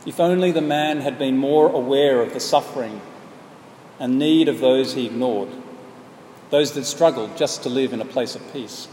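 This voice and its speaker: A man's voice: medium pitch, moderate pace, dark tone. Man telling a sermon story in an echoey hall. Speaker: preacher. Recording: echoey hall, faint background noise.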